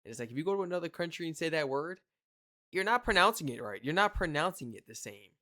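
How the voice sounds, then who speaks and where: Animated young man, fairly high voice. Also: quick pace. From United States. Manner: animated, exclaiming, slangy. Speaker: reaction video host. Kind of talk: casual reaction commentary.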